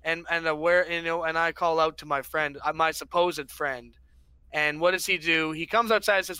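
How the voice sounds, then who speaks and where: High, bright young man telling tales. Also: steady tone, moderate pace, clean tone, dry recording. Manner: rambling storyteller, mock-dramatic, acts out quotes. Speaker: podcast co-host. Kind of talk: casual chat.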